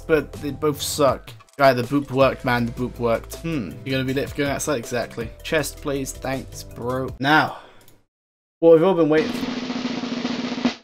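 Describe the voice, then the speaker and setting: An excitable young man chats through his gameplay in a casual, mid-pitched voice, gasping and cracking up as loot drops in. He talks straight to his viewers like friends. Faint music plays softly behind him. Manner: excitable, gasps and laughs often, chatty asides to viewers. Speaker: gaming video creator. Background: faint background music.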